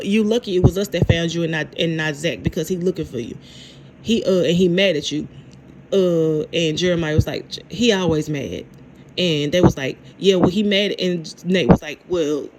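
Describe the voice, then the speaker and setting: A woman in her thirties casually recapping a reality show, telling it in an animated way, repeating phrases and acting out what people said. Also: lowish voice, a little hiss or hum. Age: 30s. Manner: animated storyteller, repeats herself, acts out quotes.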